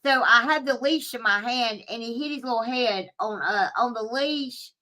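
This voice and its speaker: A woman telling a story to her viewers in a casual, animated way, swearing freely and laughing at herself. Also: on the high side, normal speed. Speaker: streamer talking to live chat.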